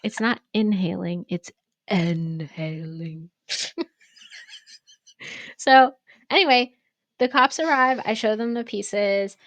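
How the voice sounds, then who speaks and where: Brief: woman co-host, casual animated storyteller with a blunt, profane streak; dry room. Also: a little high, takes it slowly, pauses often, no room sound. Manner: animated, swears freely. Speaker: pottery studio co-owner and podcast host.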